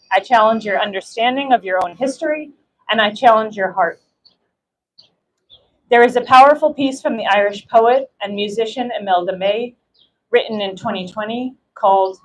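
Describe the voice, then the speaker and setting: A woman's voice: mid-range voice, a little hiss or hum, low-quality recording. An American woman giving an impassioned rally speech, emphatic and building through repetition. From United States. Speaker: rally speaker.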